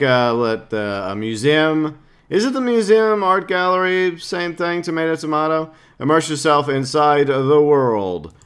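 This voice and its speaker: With a smooth, medium-pitched voice and a fairly bright tone, a man talks through a game trailer in casual YouTuber style. He rambles, jokes, and fills the gaps with lots of filler words.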